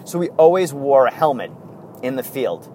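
A man's voice: mid-range voice, animated, normal speed, mellow, slight background noise. A man hosting a casual podcast on his own, telling stories in a rambling way with chuckles and self-corrections. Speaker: podcast host. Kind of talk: casual solo podcast talk.

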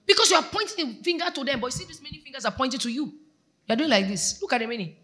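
A woman's voice: high-pitched, animated, very fast, bright, forceful tone. A Nigerian woman pastor preaching a sermon, exhorting her congregation and asking them questions. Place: church.

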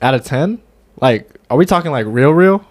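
A man's voice: on the high side, lively intonation, moderate pace, no echo. A man co-hosting a casual movie review podcast, loose and jokey, swearing and stumbling over names. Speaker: podcast co-host.

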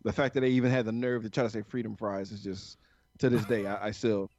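A man's voice: lowish voice, level tone, quick pace, a little mellow, no room sound. A man from the United States, co-hosting a podcast in casual chat, rambling and swearing a lot. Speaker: podcast co-host. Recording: dull lo-fi sound, dry.

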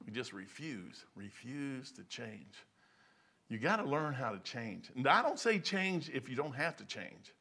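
An older man giving an informal sermon in a folksy, excitable way, breaking into loud outbursts. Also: mid-range voice, a little slow, gravelly, slightly rough. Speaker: preacher.

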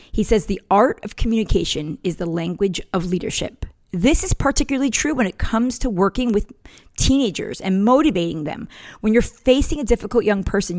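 A woman's voice: medium pitch, darkish tone. A middle-aged woman hosting a parenting podcast, talking in an earnest, firm way and telling a family story. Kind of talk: scripted podcast talk with personal story.

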